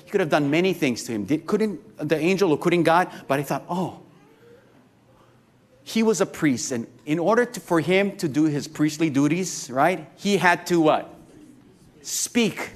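A man preaching a sermon to a congregation, lively and joking, often asking the crowd questions. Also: on the high side, a little slow. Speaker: pastor.

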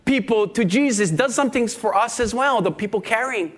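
A middle-aged man, preaching a sermon as a pastor and telling stories with animated, acted-out voices. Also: very high-pitched, normal speed. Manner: animated storytelling, acting out quoted voices.

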